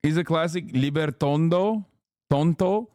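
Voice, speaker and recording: A man's voice: fairly high pitch, unhurried, darkish tone, no echo, clean studio sound. Sarcastic man riffing on stream. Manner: joking, sarcastic, rambling with many "like"s. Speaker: streamer reacting to a debate clip. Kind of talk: casual live-stream commentary.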